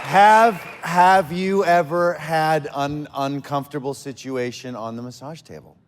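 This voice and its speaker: A man with a high speaking voice cuts in with quick, teasing remarks during a live podcast on stage. A faint noise runs behind him. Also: fairly even intonation, some chatter behind. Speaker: podcast co-host. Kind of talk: comic banter on a live stage show.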